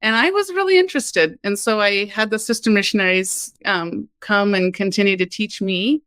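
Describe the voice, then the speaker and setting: A woman's voice: mid-range voice, normal speed, no echo. Candid storytelling woman from Kansas. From Kansas, United States. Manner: lively, candid storytelling with laughs and frequent "like". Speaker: podcast guest. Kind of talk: personal storytelling conversation.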